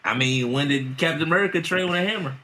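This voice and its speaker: A man's voice: on the high side, fast talker, noisy background. A man co-hosting a casual podcast, making laid-back joking comments about an episode. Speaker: podcast co-host. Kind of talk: casual show recap chat.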